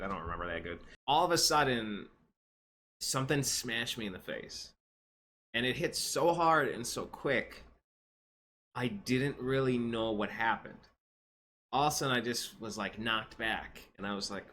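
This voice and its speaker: Man in his thirties, rambling storyteller, lowish pitch, forceful bright tone, faint background noise. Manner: rambling, animated, with restarts and quoted voices. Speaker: vlogger telling a personal story. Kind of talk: casual storytime monologue.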